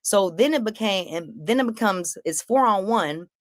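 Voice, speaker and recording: A woman comedian telling a story on a live panel show, acting out each quoted line with big jumps in pitch and plenty of swearing. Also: expressive, moderate pace, no echo, studio quality.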